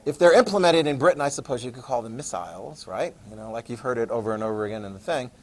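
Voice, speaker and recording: An American man lecturing a class, telling a personal anecdote in a chatty, animated way and addressing the students directly. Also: medium pitch, very fast. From United States. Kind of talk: classroom storytelling.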